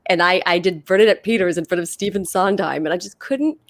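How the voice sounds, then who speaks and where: A woman chatting casually as a guest performer, telling stories in an animated, excited way over a video call from home. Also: on the low side, brisk, dry recording. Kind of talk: casual chat.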